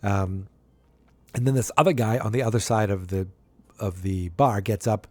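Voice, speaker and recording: A man casually recapping a sitcom episode, rambling with frequent ums and restarts, and jumping into a higher voice to act out the characters' lines. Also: steady tone, moderate pace, dry recording. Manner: acts out characters' quotes in a higher voice.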